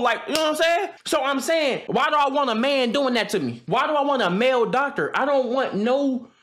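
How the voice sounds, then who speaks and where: High-voiced young man ranting to chat. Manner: animated, slangy and joking, many restarts and impressions. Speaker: streamer. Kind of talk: casual rant to a live stream chat.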